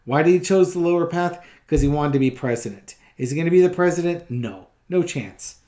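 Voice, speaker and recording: A man's voice: on the high side, fairly quick, warm tone. Man, tarot channel host, casual commentary, chatty, opinionated, light laughs. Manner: chatty and offhand, laughs between remarks; opinionated, repeats points for emphasis. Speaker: tarot reader hosting his own channel.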